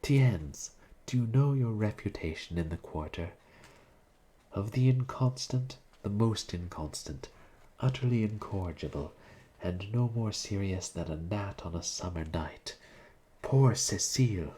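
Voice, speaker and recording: A man's voice: fairly low pitch, expressive, measured pace, mellow, breathy edge, voice pushed up. A man reading aloud and voicing a spirited young Parisian woman who is frank and mocking. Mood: chiding. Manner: candid, mocking, then earnest.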